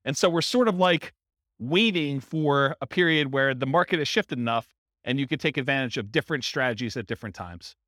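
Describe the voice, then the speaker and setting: A man's voice: mid-range voice, expressive, a bit bright, no echo, studio quality. A man teaching a live class on real estate investing, answering a question conversationally and asking himself rhetorical questions. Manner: fast, conversational, thinks aloud with rhetorical questions.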